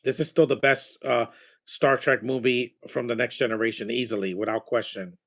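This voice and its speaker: A medium-pitched male voice with fairly even intonation and a fairly bright tone speaks at normal speed. He's a movie watcher chatting casually through a film, enthusiastically going on about movies and their scores.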